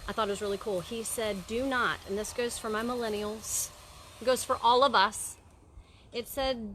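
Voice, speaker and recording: A woman's voice: medium pitch, moderate pace. Chatty woman streaming live, background noise. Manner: animated, chatty, greets viewers by name mid-sentence. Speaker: live video host. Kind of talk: casual live-stream talk.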